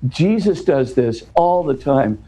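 A man's voice: on the high side, lively intonation, slow pace, mellow. A man speaking as an interview guest, explaining at length in an earnest, conversational way and often restarting his words.

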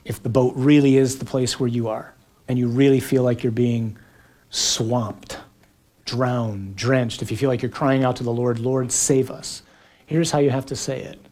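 A man preaching a sermon, shifting between quiet reflection and acted-out shouted dialogue, with dramatic pauses. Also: medium pitch, steady tone.

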